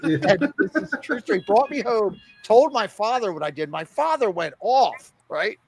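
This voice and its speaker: High-voiced, animated storytelling man. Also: normal speed, breathy edge, dry recording. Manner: animated, laughing storyteller who acts out quoted lines. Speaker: podcast co-host. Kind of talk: casual storytelling chat.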